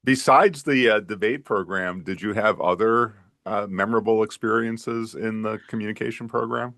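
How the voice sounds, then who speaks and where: Older male host, low voice, dry close sound, recalls and encourages. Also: normal speed, dry recording. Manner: warm recollections, short encouraging replies. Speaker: host, former professor. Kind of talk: casual interview.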